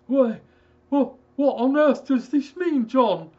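Man putting on a high, stammering, blustering older gentleman, loud, gravelly edge, dull lo-fi audiobook sound. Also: very animated, a little slow, full character voice. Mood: alarmed. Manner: shrill, stammering outbursts.

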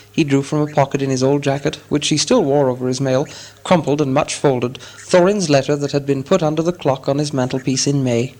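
A man narrating an audiobook in a measured storytelling manner. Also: mid-range voice, fairly even intonation, darkish tone.

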